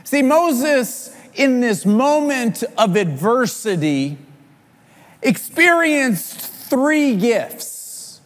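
A man preaching a sermon as a pastor, telling a story in an animated way and acting out the quoted figures. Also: high-pitched, slow pace. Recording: long hall reverb.

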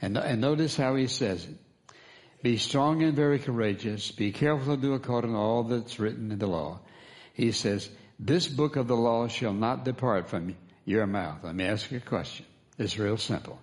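A man's voice: medium pitch, normal speed. A man as pastor, preaching a sermon, calling for responses from the congregation and repeating key phrases for emphasis.

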